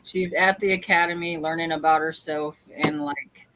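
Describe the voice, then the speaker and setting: A woman's voice: low-pitched, fairly even intonation, moderate pace, noisy background. A woman hosting a reading stream on a video call, chatty, laughing often and trailing off into restarts. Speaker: host of a reading livestream. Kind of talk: casual chat.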